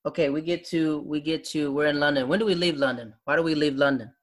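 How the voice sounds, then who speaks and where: A man hosting a casual conversation, telling animated stories. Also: a little high. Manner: fast, animated storyteller. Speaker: host.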